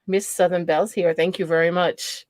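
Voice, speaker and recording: A woman's voice: on the low side, flat delivery, fairly quick, a little mellow, no echo. A woman with a New England accent hosting a livestream, chatting casually, greeting viewers by name and laughing often. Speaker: livestream host.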